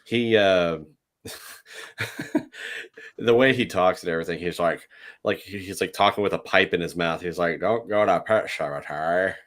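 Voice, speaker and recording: A man with a low, deep voice jokes around in a casual podcast chat. He laughs as he tells his stories and tosses in playful asides. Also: measured pace, long pauses, a bit bright.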